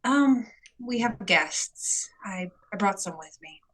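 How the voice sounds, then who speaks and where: A woman's voice: mid-range voice, animated, slow, poor audio. A woman playing a tabletop role-playing game, speaking in a fussy, polite and insistent way. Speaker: player. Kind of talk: in-character tabletop role-play.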